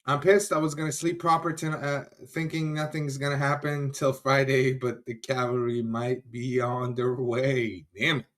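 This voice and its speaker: A man's voice: mid-range voice, flat delivery, moderate pace, hardly any pauses, a bit bright. A man hosting a casual livestream, greeting viewers by name in a loose, chatty way and often trailing off. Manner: laughs easily, trails off and restarts. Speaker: livestream host. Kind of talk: casual live-stream chat.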